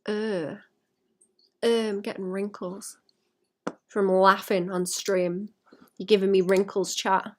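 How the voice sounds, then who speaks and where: A woman's voice: medium pitch, little pitch movement, slow, pauses often, darkish tone. A woman artist talking to her stream chat while painting, sweary and self-mocking, often muttering and whispering to herself. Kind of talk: live-stream chat with viewers.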